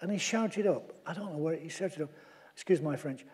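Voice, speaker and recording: An older man from England, telling a halting, chuckling anecdote on stage at a memorial event. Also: fairly high pitch, darkish tone. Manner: chuckling, halting, full of fillers. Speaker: mountaineer speaker at memorial event. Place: large lecture hall. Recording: hall with long reverb.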